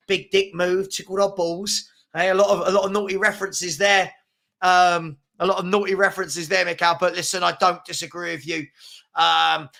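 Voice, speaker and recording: A man hosting a live stream, chatting casually and reading viewer comments with an excitable, filler-heavy manner. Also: high-pitched, gravelly. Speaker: livestream host reading chat.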